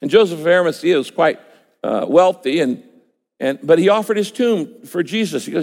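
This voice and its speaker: Gravelly preacher in a big hall. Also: male voice, fairly high pitch, fairly quick, a little mellow. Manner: emphatic and conversational, acts out listeners' voices. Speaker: pastor. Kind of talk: sermon. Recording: long hall reverb.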